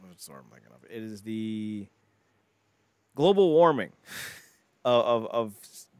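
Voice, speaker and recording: A man's voice: lowish voice, expressive, a little slow, clean tone, no room sound, studio quality. A man co-hosting a podcast, rambling in casual banter and slipping into silly impressions. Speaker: podcast co-host.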